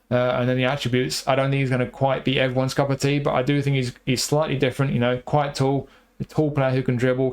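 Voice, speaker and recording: Male game reviewer, quick delivery, flat intonation, rambling with fillers. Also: mid-range voice. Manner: rambling, repeats himself, many fillers. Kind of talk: casual commentary over gameplay.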